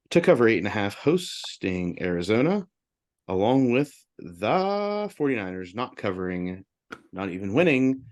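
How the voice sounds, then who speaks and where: Lower-pitched man recapping bets. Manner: upbeat, lists picks in quick bursts. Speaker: podcast co-host reading betting results. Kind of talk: casual sports betting chat.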